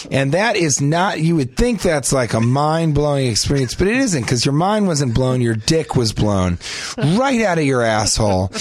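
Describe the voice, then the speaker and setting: A young adult man co-hosting a comedy podcast, telling absurd stories in a deadpan way and breaking into shrieking voices. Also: mid-range voice, dry recording. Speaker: podcast co-host.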